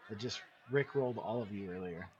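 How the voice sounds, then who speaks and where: Male coach, low-pitched, blunt casual film breakdown with some cursing; muffled lo-fi recording with faint hiss. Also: a little fast. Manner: blunt, swears casually, repeats himself. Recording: dull lo-fi recording.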